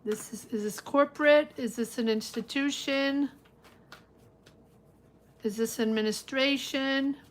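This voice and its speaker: A woman's voice: high voice, steady tone, measured pace, long pauses. A woman giving a live-stream tarot reading, chatty and reassuring, thinking aloud with lots of fillers. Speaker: tarot reader.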